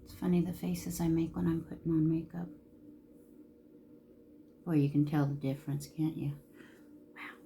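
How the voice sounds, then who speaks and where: A woman's voice: low voice, fairly even intonation, moderate pace, creaky, pauses often, dark tone, a little hiss or hum. A woman in her fifties chatting casually while doing her makeup, rambling through stories and chuckling often. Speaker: beauty vlogger.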